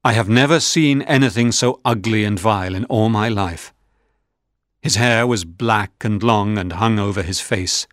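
A man narrating a storybook in a measured, even reading. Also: lowish voice, dry recording, studio quality.

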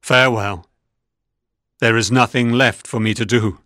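A man's voice: mid-range voice, fairly even intonation, measured pace, sharp tone, dry recording, studio quality. A man voicing a grieving, remorseful male monster in a storybook reading, moaning and drawn out. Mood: mournful.

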